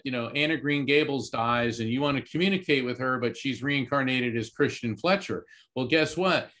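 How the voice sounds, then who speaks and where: A man's voice: mid-range voice, a bit bright. A middle-aged man, a guest speaker, explaining in casual talk with lots of fillers and restarts. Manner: rambling, many fillers and restarts.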